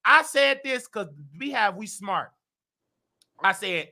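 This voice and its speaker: A man hosting a gossip show, talking brashly and animatedly with a Southern US accent, trash-talking and shouting out his critics. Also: sits high, expressive, measured pace. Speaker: show host. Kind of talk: loud gossip commentary.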